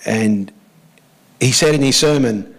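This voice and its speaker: Aussie pastor mid sermon, medium voice, emphatic, slows down and repeats the big lines, gets the crowd to say them back. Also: male voice, mid-range voice, poor audio. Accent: Australian. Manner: leads the congregation in repeating lines. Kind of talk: church sermon.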